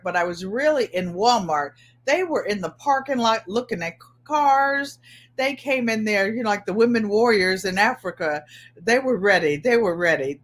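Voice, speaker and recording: A middle-aged woman hosting a casual livestream, greeting viewers by name and chatting about her week, often repeating her phrases. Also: mid-range voice. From Connecticut. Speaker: livestream host.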